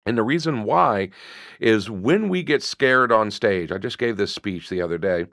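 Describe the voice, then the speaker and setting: A man talking casually and telling stories about improv, bursting into high voices as he acts out characters. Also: moderate pace, no echo, clean studio sound. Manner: animated storyteller, jumps high acting out voices. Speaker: improv comedian guest. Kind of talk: casual storytelling chat.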